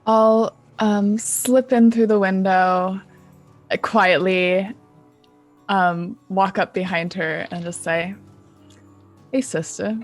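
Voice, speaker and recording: A woman's voice: mid-range voice, little pitch movement, slow pace, faint music behind. A woman playing a tabletop role-playing game, describing her character's actions with some hesitation. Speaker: player.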